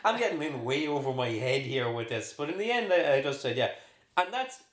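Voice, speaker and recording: A man's voice: fairly high pitch, big pitch swings, brisk. A man in his thirties with an Irish accent, telling profane, rambling anecdotes in casual chat as a podcast co-host. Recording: roomy echo.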